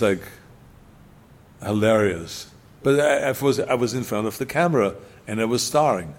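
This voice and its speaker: An older man with an Austrian accent, speaking in a lowish voice, tells his story as a guest in casual conversation. He is emphatic, repeating key phrases for punch.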